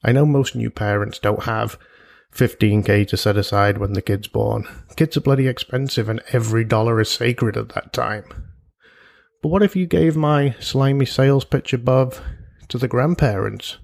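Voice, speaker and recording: A man hosts a solo personal finance podcast at a mid pitch, with a gravelly fry in his voice. He talks in a chatty, jokey way, full of asides and imagined quotes from listeners. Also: moderate pace, darkish tone. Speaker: podcast host.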